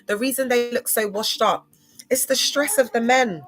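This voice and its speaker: A woman's voice: fairly high pitch, moderate pace. A woman talking to livestream viewers in a loose, slangy, digressive way, drifting between topics. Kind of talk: rambling livestream talk to viewers.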